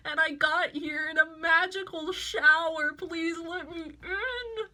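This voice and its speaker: A frantic grown man pleads in a high, strained voice , as a man puts him on. The tone is bright and sharp, and it keeps pushing upward as he begs. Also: takes it slowly, heavily acted. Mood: pleading. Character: frantic desperate adult man pleading with his mother.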